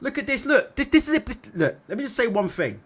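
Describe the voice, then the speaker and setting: A man hosting a casual livestream, reading viewer comments aloud and chatting about them in an animated way. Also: very high-pitched, fast talker. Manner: animated, repeats tag questions. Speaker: boxing livestream host.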